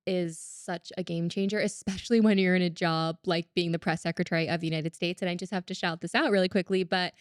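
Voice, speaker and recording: A young woman hosting an interview, warmly affirming her guest. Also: fairly low pitch, steady tone, fast talker, hardly any pauses, clean tone, dry recording, studio quality. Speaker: podcast host.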